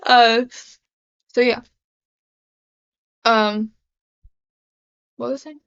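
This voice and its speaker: Halting young woman vlogging, lo-fi sound. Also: on the high side, flat delivery, gravelly, a bit bright. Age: young adult. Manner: rambling, halting, many fillers and restarts. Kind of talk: casual confessional vlog. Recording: dull lo-fi sound.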